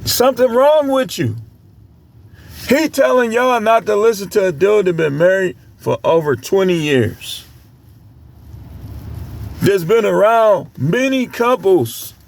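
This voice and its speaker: Gravelly, blunt middle-aged man ranting. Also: high voice, expressive, unhurried. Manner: blunt, scolding, preachy. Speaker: dating commentator. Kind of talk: ranting commentary to camera.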